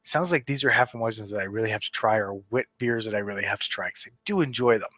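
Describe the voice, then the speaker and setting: Bright-voiced man reading a list. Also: lowish voice, quick pace, no echo, muffled recording. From Western Canada. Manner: reading a list, stumbling over names with asides. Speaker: podcast host. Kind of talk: casual solo podcast.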